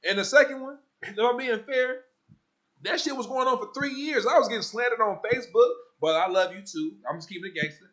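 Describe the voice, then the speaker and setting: A man hosting a casual podcast chat, talking in an animated, slangy and profane way, telling stories with lots of asides. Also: high voice, quick pace. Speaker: podcast host.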